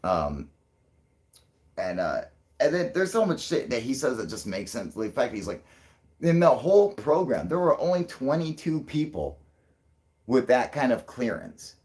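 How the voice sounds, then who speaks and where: A man hosting a casual livestream, rambling and thinking out loud with lots of fillers, frequent swearing and chuckles. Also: medium pitch, very animated, a little slow. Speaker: channel host.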